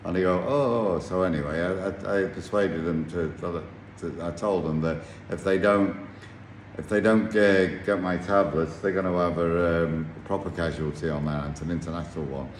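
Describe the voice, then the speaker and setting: A man telling a casual anecdote about his sailing trip, halting and full of restarts. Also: sits low, steady tone. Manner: rambling, halting storyteller with many restarts. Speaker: yacht captain telling a story. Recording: echoey room with faint noise.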